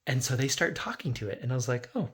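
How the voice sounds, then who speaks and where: A man's voice: mid-range voice, quick pace, a bit bright, husky. A man who runs a tabletop game as dungeon master, casually recapping his sessions in a rambling way, full of "like.". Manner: rambling, lots of "like", acts out quotes.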